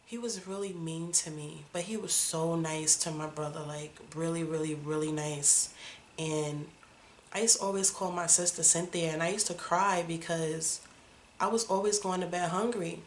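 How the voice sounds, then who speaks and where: A woman's voice: fairly low pitch, steady tone, moderate pace, slight background noise. Candid woman in her thirties, roomy echo. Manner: candid and conversational, full of "like" and "you know". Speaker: vlogger. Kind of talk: personal storytelling vlog.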